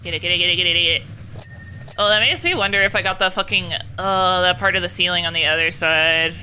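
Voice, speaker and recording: A young woman streaming a game, chatting casually and swearing at it out loud. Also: fairly low pitch, fast, slight background noise. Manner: swears often, scolds the game aloud. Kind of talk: casual gameplay commentary.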